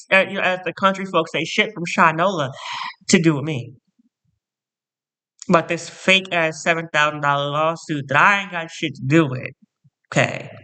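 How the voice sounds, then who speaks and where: A man's voice: fairly high pitch, sharp tone, smooth. A man from New Jersey delivering a rambling, profane comedic roast monologue, often sidetracking into mock-indignant rants. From New Jersey, USA. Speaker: comedian host.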